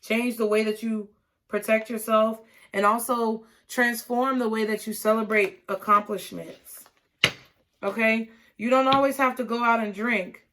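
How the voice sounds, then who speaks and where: This tarot reader speaks at an unhurried pace in a fairly high, slightly bright voice with mostly even intonation. She's casual and encouraging with her viewers, repeating words and often asking "okay?"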